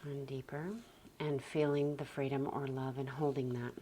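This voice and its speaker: A young adult woman talking gently and slowly about calm parenting, often dropping almost to a whisper. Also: very deep voice, a little hiss or hum. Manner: soft, slow and gentle, often near a whisper. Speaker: parenting vlogger. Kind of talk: calm reflective talk to camera.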